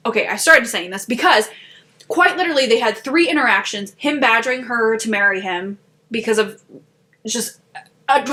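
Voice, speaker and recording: Young woman, podcast co-host, casual chat, fairly high voice, fired-up and indignant. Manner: animated, indignant retelling with laughter.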